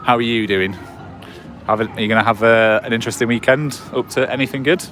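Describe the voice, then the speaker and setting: Talking fast in a steady, medium-pitched, fairly bright voice, this man in his forties from England streams from a promenade at night via a phone on a gimbal. He rambles to his viewers with lots of fillers and restarts while soft music plays in the background.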